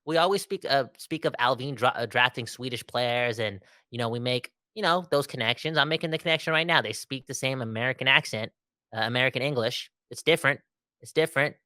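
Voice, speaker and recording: A man co-hosting a casual sports podcast, joking and animated, with lots of fillers and restarts. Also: mid-range voice, a little fast, dry recording, studio quality. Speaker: podcast co-host.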